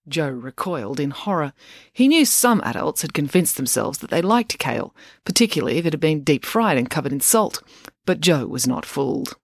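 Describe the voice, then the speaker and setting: A woman with a low voice narrates a storybook aloud, her delivery animated and full of swing. The sound is close and dry, with no room around it. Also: normal speed, no room sound. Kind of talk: audiobook narration.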